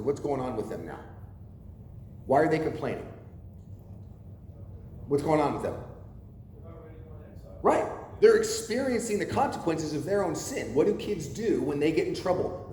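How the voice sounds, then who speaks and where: A man preaching a sermon as pastor, animated and asking his congregation questions as he goes. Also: fairly high pitch. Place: church sanctuary. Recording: echoey church hall, faint noise.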